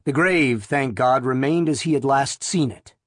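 Male narrator, slow and deliberate audiobook reading, dry close sound. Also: mid-range voice, dry recording.

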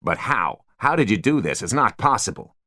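A ruthless older tycoon villain who rants and shouts, his nerves shot, as a man puts him on for an audiobook. The voice sits noticeably higher than the reader's own and swings wildly. The sound is dry and close. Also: big pitch swings, moderate pace, no echo, full character voice. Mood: outraged. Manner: ranting, shouting.

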